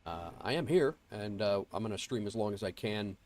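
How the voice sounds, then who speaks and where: Stuffy from a cold, a man hosts a flight sim livestream in a slightly low voice, expressive and a little fast. His casual chat rambles with fillers and false starts as he calls out viewers by name over an earbuds mic.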